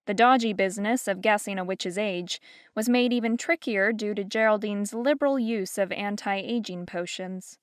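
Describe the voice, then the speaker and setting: Give me a woman narrating a novel with a smooth, resonant voice in a dry, close studio. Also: mid-range voice, dry recording. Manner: even, measured storytelling. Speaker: audiobook narrator. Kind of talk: scripted narration. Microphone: close studio mic.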